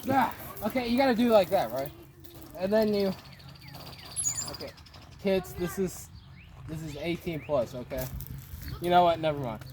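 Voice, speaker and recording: A man giving a goofy tutorial at an outdoor playground, excitable and joking and always asking "right?". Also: high voice, moderate pace, long pauses, noisy background. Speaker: vlogger.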